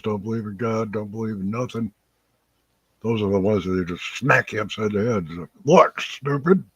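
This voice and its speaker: A man's voice: on the low side, darkish tone, no room sound. A man hosting a live call-in chat show, telling folksy stories in a casual way and laughing as he goes. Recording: dull lo-fi sound.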